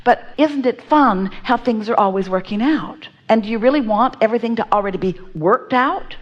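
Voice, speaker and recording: A woman's voice: a little high, expressive, moderate pace, hardly any pauses, dull audio. A woman teaching a live seminar audience, speaking as "we" and often checking that listeners follow. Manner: speaks as "we", asks the listener to agree.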